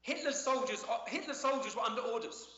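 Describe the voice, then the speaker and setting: A man's voice: very high voice, fast, pushed and bright. Man, emphatic and indignant, repeats words, dull lo-fi line with room echo. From England. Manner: emphatic, indignant storytelling with frequent word repeats. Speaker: interview guest. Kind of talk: remote interview. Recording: echoey, dull lo-fi sound.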